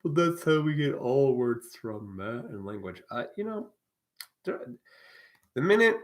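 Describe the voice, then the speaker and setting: A man's voice: mid-range voice, sing-song, measured pace. A man hosting a live stream, delivering a blunt, profane, preachy monologue in a casual way.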